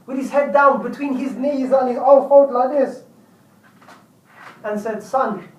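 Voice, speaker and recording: High-voiced guy telling a story on his vlog, repeats himself, echoey and kinda far from the mic. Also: fairly even intonation, unhurried, darkish tone, a little hiss or hum. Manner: chatty, repeats words while telling. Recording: roomy, distant from mic.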